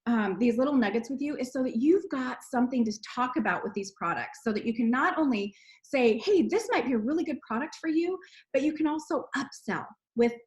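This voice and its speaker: A woman leads a team sales call over video. Her high voice is gushing and encouraging, full of praise for her team. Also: lively intonation, a little fast, darkish tone.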